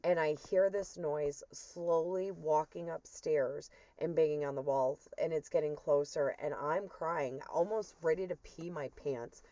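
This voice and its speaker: A woman's voice: low voice, unhurried, few pauses, dark tone, dry recording. A woman earnestly retelling a personal spiritual experience as a testimony, with emotion in her storytelling. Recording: dull, muffled dry recording.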